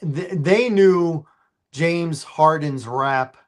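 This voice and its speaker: Calm man dropping dry sports asides. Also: fairly high pitch, very slow. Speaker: podcast co-host. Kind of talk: casual sports chat.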